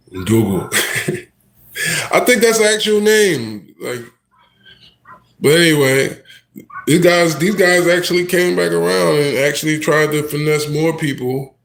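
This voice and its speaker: A man rapper telling a story on a casual livestream, animated and slangy, often turning to the listener. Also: a little high, creaky. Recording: echoey room.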